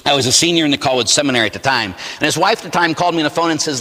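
A Catholic priest in his forties from Pittsburgh, preaching a sermon with animated storytelling and rhetorical "huh?" asides. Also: fairly high pitch, rapid-fire, long reverb tail. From Pittsburgh, USA. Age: 40s. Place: church.

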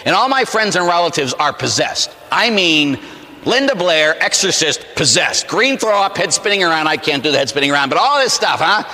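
A man from Pittsburgh, a Catholic priest, telling a personal story as a sermon in an animated, humorous way, acting out the scenes. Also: a little high, brisk, big-room sound. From Pittsburgh, USA.

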